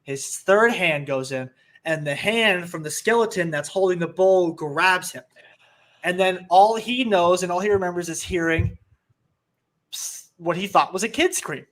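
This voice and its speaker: A young man with a high voice tells a story on a podcast in an easygoing, animated way. He slips into the voices of the people he quotes as he goes. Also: measured pace. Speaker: podcast co-host. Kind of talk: casual storytelling chat.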